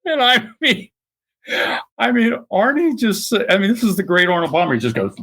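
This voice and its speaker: Older guy spinning stories, bright voice, does little voices for people. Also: sits high, expressive, normal speed. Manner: anecdotal, acts out quoted voices, laughs often. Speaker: guest author. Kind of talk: storytelling interview.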